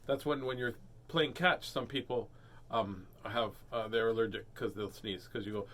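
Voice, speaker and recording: A man's voice: on the low side, moderate pace, fairly bright tone. A man reading a children's picture book aloud, breaking off for playful jokes and asides. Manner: playful, joking asides, voices characters. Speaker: storybook reader.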